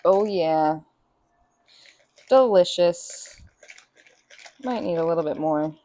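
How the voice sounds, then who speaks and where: A woman's voice: expressive, slow pace, dark tone. A woman chatting casually while cooking breakfast in her home kitchen on a live stream, calling to her cats now and then. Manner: chatty, talks to her cats in a high sing-song baby voice.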